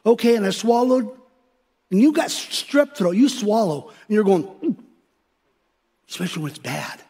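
A high-voiced middle-aged man preaches with animated energy. He rambles through stories, restarting his sentences and acting out the people he quotes. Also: fairly quick, husky. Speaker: pastor. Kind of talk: sermon.

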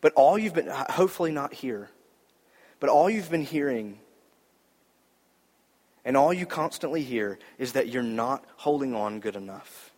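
A man's voice: mid-range voice, animated, a little slow, pauses often, darkish tone. A man preaching a sermon in an earnest, conversational way, repeating key lines for emphasis. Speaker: pastor. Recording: hall reverb.

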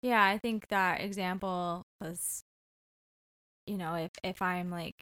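A woman's voice: fairly low pitch, fairly even intonation, slow pace, sharp tone. A woman co-hosting a casual marriage podcast, talking in an earnest, reflective way. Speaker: podcast co-host.

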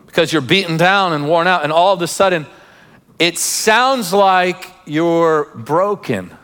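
A man's voice: on the high side, animated, unhurried, a bit bright, long reverb tail. A man preaching a sermon as pastor, emphatic, breaking into laughing asides and urging listeners to pay attention.

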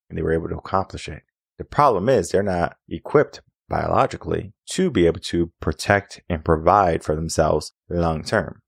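A man's voice: low voice, a little fast, creaky, no echo, clean studio sound. A young adult man hosting a podcast, giving an opinionated monologue full of rhetorical questions. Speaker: podcast host.

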